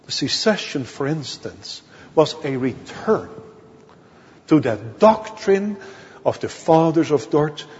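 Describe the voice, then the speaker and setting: A male minister from the Netherlands, preaching a sermon in slow, deliberate storytelling that leans on key words. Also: medium pitch, a little mellow. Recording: dull audio with long hall reverb.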